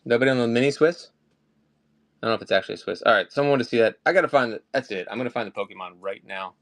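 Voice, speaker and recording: A rapid-fire talker with a mid-range, fairly bright voice runs a live-stream collectibles sale. Between items his casual chat drifts off topic.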